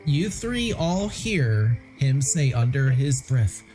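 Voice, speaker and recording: Slow, mellow-voiced woman game master. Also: rumbling low, big pitch swings, soft background music, low-quality recording. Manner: slow, laid-back narration with frequent ums and laughs. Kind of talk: narrating a tabletop game.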